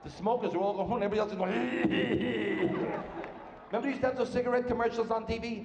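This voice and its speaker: A man doing a brash, rapid-fire stand-up comedy routine in a large casino showroom. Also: very high-pitched, a little mellow, lo-fi sound, slight background noise. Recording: echoey live hall recording.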